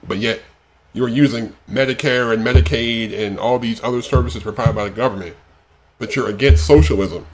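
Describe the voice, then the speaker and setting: A man's voice: medium pitch, slight background noise. A man from the United States hosting a casual reaction video, ranting in an exasperated way and filling his sentences with "like". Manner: exasperated rants, many fillers like "like".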